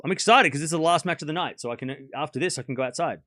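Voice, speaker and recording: A man's voice: fairly high pitch, rapid-fire, sharp tone. A man hosting a live tennis watchalong stream, calling points in chatty play-by-play, thanking donors and laughing often. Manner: chatty play-by-play, reads out donations.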